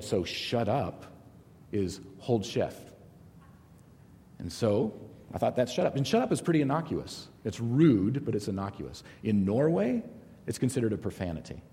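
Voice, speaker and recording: A man's voice: on the low side, a little hiss or hum. A middle-aged man teaching a Bible study in a conversational style, telling stories and jokes along the way. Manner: conversational, animated storytelling with jokes. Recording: long hall reverb.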